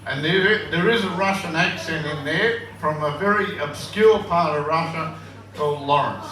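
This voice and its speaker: A man's voice: a little high, unhurried, sharp tone. A man at a pub open mic, singing a blues song and reciting a comic poem with rambling jokey banter. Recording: echoey pub room from a far-off mic, guitar.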